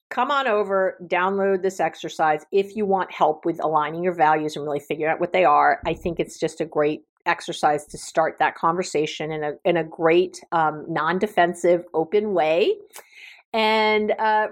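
A middle-aged woman hosting a relationship podcast as a therapist, talking casually and effusively to her listeners. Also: on the low side. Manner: warm, effusive, affectionate toward listeners. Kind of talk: casual solo podcast talk.

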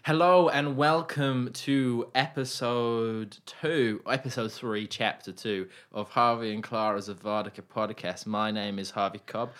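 A man's voice: on the low side, fairly bright tone. Rambling joking man hosting a podcast. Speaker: podcast co-host. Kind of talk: casual chat.

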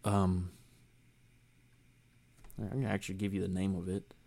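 This podcast host has a deep, gravelly voice and takes his time, recorded with no echo. Relaxed and rambling, he chats with friends and leans heavily on filler words.

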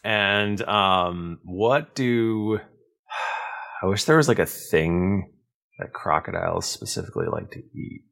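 A man's voice: on the low side, takes it slowly, a bit bright. A man narrating as game master of a tabletop game, laid-back and amused.

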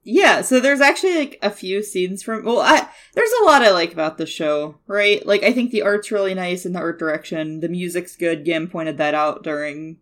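A woman's voice: lowish voice, normal speed, hardly any pauses, a bit bright. A young woman co-hosting a podcast, chatting casually and thinking aloud with many fillers. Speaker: podcast co-host. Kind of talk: casual chat.

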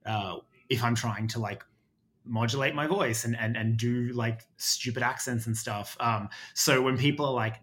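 An Australian man in his thirties rambles through a casual podcast chat, circling back on his words with ums and restarts. His voice sits at an ordinary middle pitch. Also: unhurried, a bit bright. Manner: rambling, many fillers and restarts. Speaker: podcast guest.

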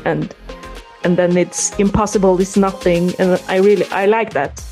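A woman's voice: fairly low pitch, fairly even intonation, moderate pace, darkish tone, soft background music. A woman co-hosting a podcast, chatting casually and thoughtfully. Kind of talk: casual chat.

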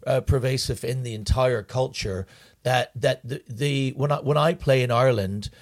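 Male host with an average-pitched voice, halting and searching. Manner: hesitant, halting, with many restarts. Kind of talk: casual chat.

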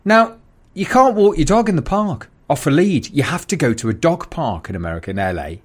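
Man, lively storyteller, slightly high, swings pitch a lot, bursts into shouted impressions. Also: brisk, husky. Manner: animated storyteller, shouts quoted lines and laughs mid-story. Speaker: podcast co-host. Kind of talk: casual chat.

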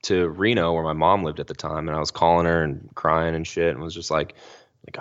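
Deep-voiced young man, slangy storytelling. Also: little pitch movement, fairly quick, fairly bright tone, dull audio. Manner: slangy, fills talk with "like" and "you know". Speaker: podcast guest. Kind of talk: casual storytelling.

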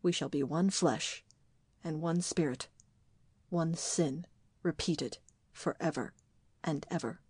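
Brief: a woman playing a bitter man trapped in hell, slow, low, accusing. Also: darkish tone, husky, no room sound, heavily acted. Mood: bleak. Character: man named Oscar, a damned lover, bitter and grim. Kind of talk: audiobook dialogue.

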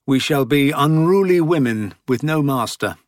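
A man's voice: a little high, animated, moderate pace, no echo, studio quality, pitched above the performer's own voice, lightly acted. A man voicing a wry former nun. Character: older former nun, wry, calm, sharp-tongued woman. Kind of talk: audiobook character reading.

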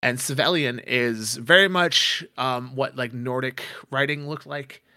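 A man's voice: mid-range voice, a little slow, pushed and bright, dry recording, clean studio sound. A man narrating a tabletop game as game master, rambling with many fillers.

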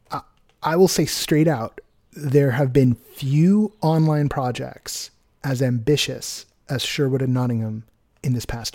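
A man hosting a podcast, talking casually and plugging his show in quick, energetic bursts. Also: mid-range voice. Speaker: podcast host. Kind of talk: casual podcast talk and sponsor plugs.

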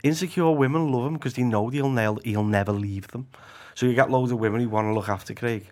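A young man with a Liverpool accent, a comedian guest chatting casually, animated and laughing often as he jokes. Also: medium pitch, quick pace. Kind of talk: casual chat.

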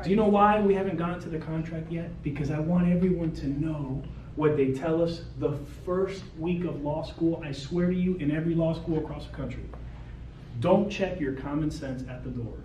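A male lawyer giving a blunt, animated seminar talk to an audience of realtors, peppered with "okay" and "right". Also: on the high side, a little fast, lo-fi sound. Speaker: real estate lawyer. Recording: roomy, distant mic with faint ambient noise.

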